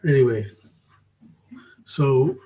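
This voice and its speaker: A man's voice: mid-range voice, extremely slow, mellow, rough recording. A man vlogging in a rambling, casual commentary monologue, swearing freely and often checking in with the listener.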